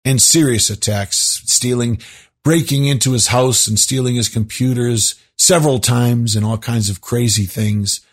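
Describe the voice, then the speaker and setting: A man's voice: medium pitch, fairly even intonation, a little slow, breathy edge. A man hosting his own show, talking to his listeners in a rambling, conversational way full of asides. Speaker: show host. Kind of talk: casual monologue to listeners.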